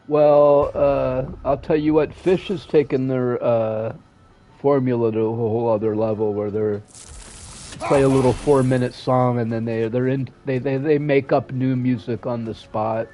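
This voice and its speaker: A man's voice: medium pitch, fairly even intonation, a little slow, warm tone, faint music behind. A man streaming a video game, rambling and aggrieved in casual chat, swearing constantly and trailing off mid-sentence. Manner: restless and aggrieved, trails off and restarts.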